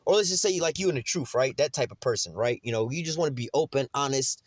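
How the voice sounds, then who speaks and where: A man's voice: medium pitch, fast talker, dry recording. A man giving casual, rambling commentary on scripture, blunt and full of slang, often saying "whatever, whatnot" and "you see what I'm saying". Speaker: religious teacher.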